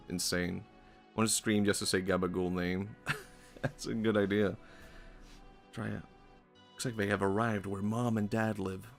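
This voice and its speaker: Low guy streaming games, kinda gravelly, rambly and laughing, bit of game music behind. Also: fairly bright tone. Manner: rambling, chatty, laughs often. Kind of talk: casual gameplay commentary.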